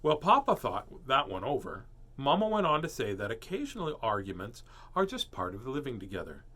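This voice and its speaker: Man, storybook reader, bright tone, animated delivery, quips between pages. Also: medium pitch, a little fast. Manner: playful, jokey asides and puns; lively character voices while reading. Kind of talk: reading a children's book aloud with asides.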